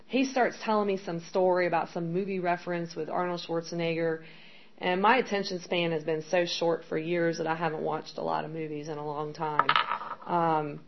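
A middle-aged woman candidly telling her recovery story as personal testimony, rambling with many fillers. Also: on the low side. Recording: dull lo-fi sound with faint background noise.

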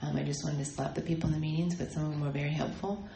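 A woman shares her recovery story in a halting way, stopping often for ums and fresh starts. Her voice sits low and warm, and it rings in an echoey room over faint background ambience. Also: flat delivery, creaky, a little hiss or hum. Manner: halting, many ums and restarts. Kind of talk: personal testimony talk.

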